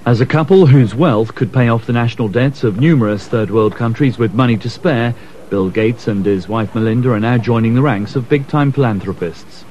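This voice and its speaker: A male reporter voicing a scripted news package in a formal, even delivery. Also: mid-range voice, fairly quick, a little hiss or hum. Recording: dull lo-fi broadcast audio.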